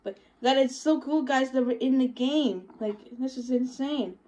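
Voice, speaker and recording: A woman hosting a fan reaction skit, voicing several characters and swinging between shouts and quiet asides. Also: high voice, normal speed, dull audio.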